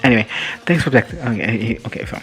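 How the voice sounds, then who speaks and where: A man's voice: medium pitch, fast, fairly bright tone, soft background music. A man casually recapping a show in a reaction video, rambling, swearing and laughing often.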